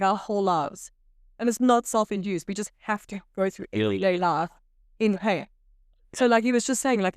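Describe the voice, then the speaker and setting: A woman co-hosting a casual podcast chat, an animated storyteller who often quotes other people. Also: medium pitch, clean tone, no room sound, clean studio sound. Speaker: podcast co-host.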